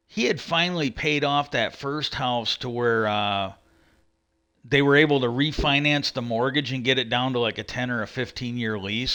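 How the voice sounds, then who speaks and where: Male streamer, casual ranting storyteller, rambling and profane, with a bright voice. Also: mid-range voice.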